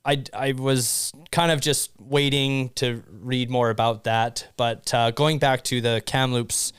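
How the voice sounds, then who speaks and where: A man's voice: mid-range voice, steady tone, fairly bright tone, clean tone, no echo, studio quality. A young man co-hosting a podcast, talking casually with lots of restarts and fillers. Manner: halting, many restarts and fillers. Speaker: podcast co-host. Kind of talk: casual conversation.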